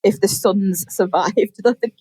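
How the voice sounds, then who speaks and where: A young woman on a podcast, casually telling a story with lively acted-out quotes and plenty of swearing. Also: mid-range voice, measured pace, husky. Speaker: podcast co-host. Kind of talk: casual chat.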